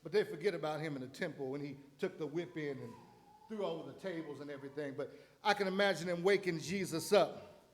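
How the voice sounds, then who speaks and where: A man's voice: a little high, a little fast. A man ministering in church, preaching a sermon with dramatic build-ups and acted-out voices. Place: church sanctuary.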